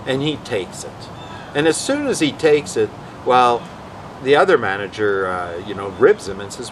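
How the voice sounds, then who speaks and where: A man's voice: mid-range voice, moderate pace, noisy background. A man telling rambling anecdotes in a casual vlog, often acting out what others said. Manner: rambling, animated, quotes others in voices. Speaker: vlog host.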